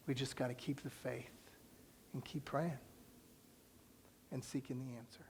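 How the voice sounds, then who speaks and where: A male pastor preaching in a church, telling a personal story with lively acted-out dialogue and soft, hushed asides. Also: medium pitch, a little slow, long pauses. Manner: animated storyteller who acts out dialogue and drops to a soft near-whisper. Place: church sanctuary.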